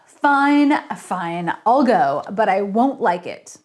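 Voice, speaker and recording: A woman's voice: mid-range voice, very animated, drawn-out words. A woman voicing a flamboyant, fussy male theater director with an affected, theatrical way of talking. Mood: grudging.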